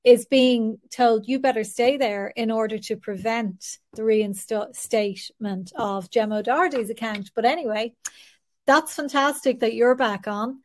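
A woman's voice: a little high, a little slow. A woman hosting an interview, talking casually with many fillers. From Ireland. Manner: hesitant, fills with um and you know. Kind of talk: conversational interview.

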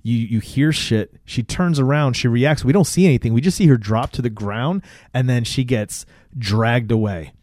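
A man co-hosting a podcast, recapping a movie in animated, profane casual chat and acting out the characters' lines. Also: mid-range voice, moderate pace, no room sound. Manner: animated, profane storytelling, acts out quotes. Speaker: podcast co-host.

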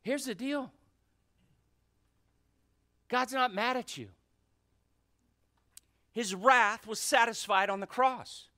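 A male pastor preaching a sermon to his church, fervent and shifting between shouts and hushed asides. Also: very high-pitched, slow, long pauses. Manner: fervent, swings from shouting to near whispers. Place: church sanctuary.

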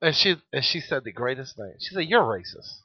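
A man's voice: mid-range voice, a little fast. Podcast man, swearing and joking, voice swooping around, muffled lo-fi audio. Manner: profane, joking, animated storytelling. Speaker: podcast co-host. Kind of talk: casual chat.

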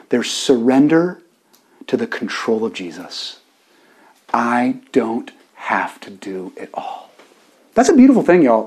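A man in his forties preaching a conversational sermon as pastor, chatty and animated, with self-deprecating asides. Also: medium pitch.

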